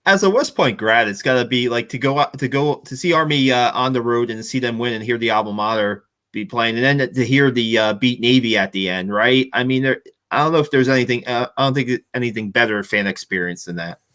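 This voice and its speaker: This is a man talking through a football game in a relaxed, unscripted way. His pitch sits in an ordinary middle range, and he often stops and restarts his sentences and tosses in "right?" to keep his co-host with him. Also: brisk. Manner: chatty, restarts often, tags points with "right?". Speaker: podcast host. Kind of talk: casual postgame football analysis.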